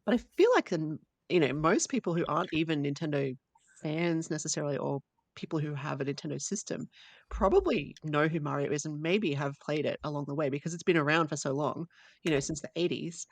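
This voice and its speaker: A woman's voice: sits low, fairly quick, dry recording. A woman co-hosting a podcast in casual chat, losing her voice a little, chatty and laughing often. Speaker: podcast co-host.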